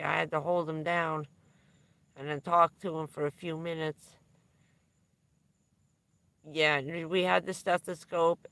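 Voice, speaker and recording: A woman's voice: sits low, gravelly, a bit bright, no echo. A middle-aged woman telling a candid, profane story on a livestream, laughing now and then through hard news. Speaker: vlogger.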